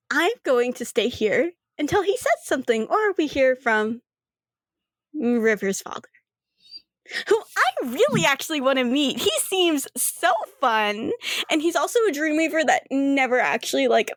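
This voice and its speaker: A woman runs a tabletop game, chatting and giggling through her narration with plenty of fillers. Her voice sits a little high and moves slowly. The sound is dry and close. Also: big pitch swings, a bit bright, no room sound. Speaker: game master.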